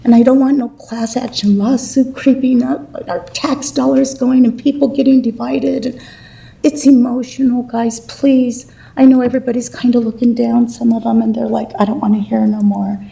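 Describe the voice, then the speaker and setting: A woman's voice: fairly high pitch, flat delivery, normal speed, creaky, warm tone, distant mic, low-quality recording. A woman giving a rambling, emotional public comment at a city council meeting.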